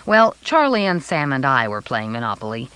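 A woman's voice: a bass voice, big pitch swings, normal speed, fairly bright tone, smooth, no echo, poor audio. A woman narrating a children's chapter book in first person, reading aloud expressively. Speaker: audiobook narrator.

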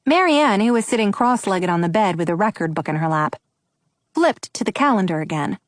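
A woman reads a children's story aloud in the first person, friendly and expressive. Her pitch rises and falls in a lively way, and the recording is dry and close to the mic. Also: fairly quick, dry recording. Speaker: audiobook narrator.

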